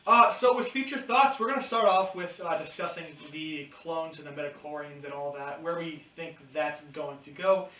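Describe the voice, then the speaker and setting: A man with a bright, somewhat high voice co-hosting a casual podcast. He wanders into tangents and hedges his opinions. The room sounds echoey and the mic is far away. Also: normal speed, few pauses. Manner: rambling, hedging, goes on tangents. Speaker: podcast co-host. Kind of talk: casual discussion chat.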